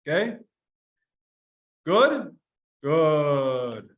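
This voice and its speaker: A man teaching a lively Gemara class to students, reading Hebrew lines aloud, translating them and acting out sighs and whimpers. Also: on the high side, drawn-out words. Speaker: Talmud teacher.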